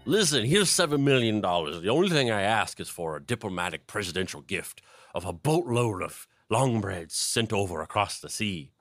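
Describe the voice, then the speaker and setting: A man's voice: lowish voice, animated, normal speed, fairly bright tone, no room sound, soft background music. A man putting on a blustering, mock-generous male American president for a joke. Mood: grandstanding.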